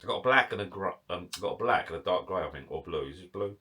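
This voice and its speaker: A man's voice: low voice, lively intonation, fast talker, bright, forceful tone. A man chatting casually to camera in his garden shed bar, rambling, self-mocking and a little out of breath. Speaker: vlogger.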